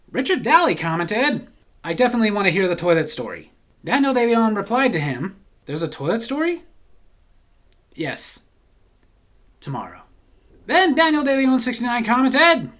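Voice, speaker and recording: A man hosting a casual comment-reading show, answering viewer comments with deadpan jokes and dramatic readings. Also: high-pitched. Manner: deadpan, jokey, reads comments aloud with dramatic flair; laughs at his own jokes.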